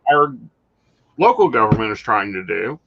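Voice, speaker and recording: A man with a bright, forward tone co-hosts a casual talk show. He relays news items with dry humor. The recording sounds a little dull and lo-fi. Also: fairly low pitch, very animated, moderate pace, vocal fry, a little hiss or hum. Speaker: podcast co-host. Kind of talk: casual chat and reading news.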